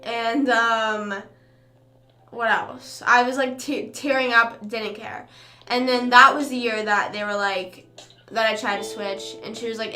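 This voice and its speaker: Bright, high-voiced chatty young woman. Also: normal speed, echoey room, faint music behind. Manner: chatty, lots of "like", acts out quoted people. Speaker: livestream host. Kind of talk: casual storytelling chat.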